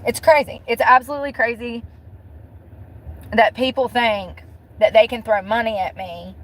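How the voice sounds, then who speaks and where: Blunt, venting woman with a high voice. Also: steady tone, normal speed, low-quality recording. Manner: blunt, profane, repeats phrases for emphasis. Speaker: vlogger. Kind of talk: emotional venting monologue.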